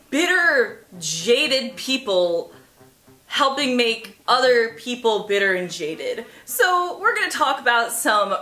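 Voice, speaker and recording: Young woman, sarcastic vlogger, animated, bright voice, echoey room. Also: mid-range voice. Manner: sarcastic, animated, swearing freely. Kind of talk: casual storytelling to camera.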